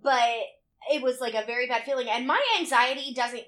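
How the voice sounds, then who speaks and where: A woman co-hosting a podcast, telling stories in an animated way and swearing freely. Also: on the high side, brisk. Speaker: podcast co-host. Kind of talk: casual chat.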